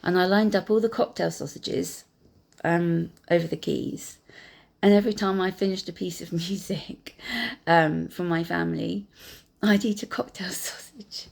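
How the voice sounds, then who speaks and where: Gentle, hesitant woman with a lowish voice. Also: fairly even intonation, gravelly. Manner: gentle, hesitant, many pauses and fillers. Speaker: piano teacher. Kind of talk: reflective personal storytelling. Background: piano music.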